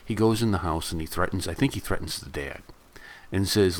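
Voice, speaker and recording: Deep-voiced man rambling through a film recap. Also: a little fast. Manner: rambling, loose retelling with asides. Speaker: movie reviewer.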